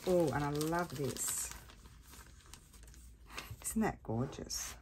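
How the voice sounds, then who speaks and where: A woman with a low, tired voice talks casually through a crafting tutorial. She rambles and thinks aloud as she works. Steady background noise runs under her voice. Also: extremely slow. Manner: chatty, rambling, thinks aloud while working.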